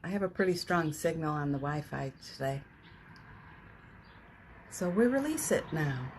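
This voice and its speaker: A woman hosting a live morning session as a spiritual coach, chatting casually and leading guided affirmations, with frequent laughs and soft, almost whispered phrases. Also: low voice, expressive, measured pace, slight background noise. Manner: chatty, warm-hearted, laughs often, breaks into soft affirmations. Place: home, streaming live from her phone.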